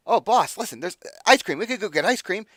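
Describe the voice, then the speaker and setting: A man's voice: high voice, lively intonation, fairly quick, fairly bright tone, no echo, clean studio sound, voice pushed up. A man voicing a chatty, greedy little male imp familiar who whines and pleads with his boss. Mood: pleading. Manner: whiny, pleading, easily distracted.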